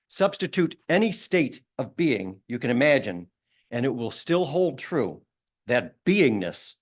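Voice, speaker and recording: Man, rabbi giving a talk, emphatic, asks the audience questions, mid-pitched voice. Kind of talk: interactive talk to a church audience. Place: church meeting room.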